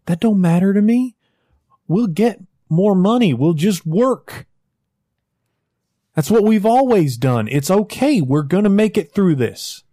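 A man's voice: fairly low pitch, steady tone, takes it slowly, vocal fry, darkish tone, dry recording, clean studio sound, exaggerated voice. Man doing a fierce loyal frontier brother. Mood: urgent pleading. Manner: folksy frontier talk, pleading then cursing.

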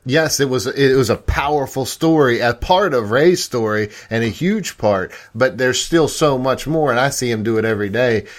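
A man's voice: mid-range voice, lively intonation, normal speed, few pauses. A man co-hosting a talk show, casually reflecting on what his guest said. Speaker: podcast co-host. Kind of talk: casual chat.

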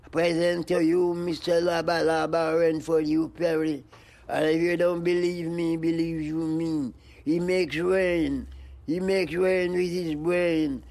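Unhurried and on the high side, this older man's voice shows little pitch movement, vocal fry, and a darkish tone. A music pioneer being interviewed, he chants rhythmic, free-flowing poetry and wordplay in sing-song fashion, punctuated by animal noises and laughs.

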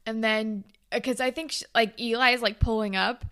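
Woman podcast cohost, kinda high voice, giggly, doing little voices for tv characters. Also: normal speed, clean tone. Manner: animated, laughs often, acts out characters' lines. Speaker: podcast co-host. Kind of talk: casual chat recapping a TV episode.

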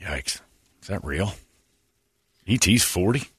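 A man hosting a show, bantering casually in a blunt, opinionated way and quick to complain. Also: low voice, lively intonation, a bit bright, slightly rough, no room sound, studio quality. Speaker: radio show host.

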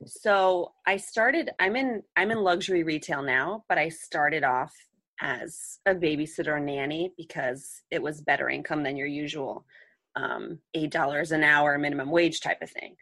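A woman's voice: low voice, moderate pace, a bit bright, no room sound, clean studio sound. A woman in her thirties chatting as an interview guest, rambling with lots of "like" and "um" and a wry sense of humor. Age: 30s. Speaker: interview guest, trading contestant. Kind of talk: casual interview chat.

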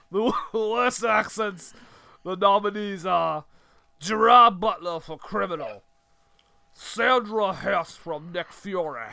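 Male performer as a jowly British presenter, slightly high, dry sound, bumbling. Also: vocal fry, sharp tone, clear, resonant tone, no room sound, full character voice. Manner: fumbling, breaks into laughter. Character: jowly British man who turns southern.

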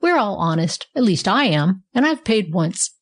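A woman reading a storybook aloud, voicing a big, forceful male hippopotamus who takes charge. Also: medium pitch, sing-song, moderate pace. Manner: forceful, roaring.

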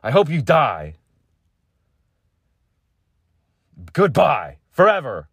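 A man doing a shrill, furious just-woken grump. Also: wildly swooping pitch, a little slow, husky, no room sound, full character voice. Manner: shrill shouting, spiteful.

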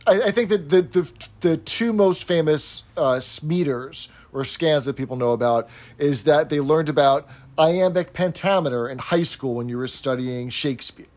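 A man's voice: on the high side, moderate pace, hardly any pauses, darkish tone. A man co-hosting a casual chat, explaining things patiently with frequent fillers and easy laughter. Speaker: podcast co-host.

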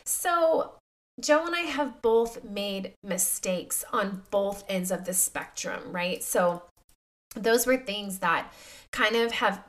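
A woman with a stuffed-up, nasal voice hosts a faith podcast, speaking openly to her listeners. Her pitch sits in the middle range for a woman, and her delivery is confiding and direct. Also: expressive, takes it slowly, a bit bright. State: congested, nasal from illness. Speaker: podcast host. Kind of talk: candid faith podcast talk.

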